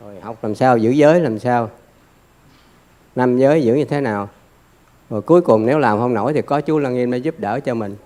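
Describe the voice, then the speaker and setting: Male student, mid-range pitch; earnest, deferential reply with pauses. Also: a little mellow. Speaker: lay student. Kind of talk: respectful reply to a teacher.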